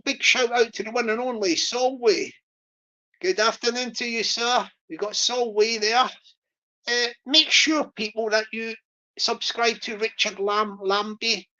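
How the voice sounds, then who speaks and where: A woman's voice: a little high, bright, forceful tone, low-quality recording. A woman hosting a casual livestream, rambling with lots of fillers and restarts. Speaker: livestream host.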